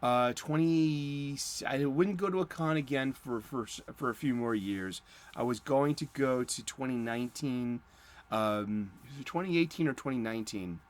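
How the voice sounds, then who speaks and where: Chatty rambling comics host. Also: male voice, mid-range voice, normal speed. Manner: chatty, chuckling, lots of fillers and restarts. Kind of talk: casual rambling monologue.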